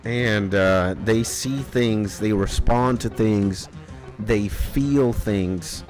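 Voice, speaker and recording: A man's voice: on the low side, extremely slow, a little mellow. A man chatting casually on a live gameplay stream, rambling, laughing often and swearing now and then. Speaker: game streamer. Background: faint retro game music.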